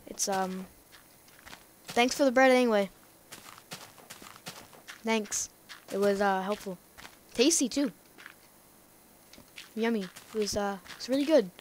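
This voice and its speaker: A woman rambling through casual gameplay commentary, talking excitedly to herself and to the game's characters. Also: a little high, measured pace, long pauses, a little hiss or hum. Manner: rambling, excitable self-talk to the game. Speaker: let's play gamer.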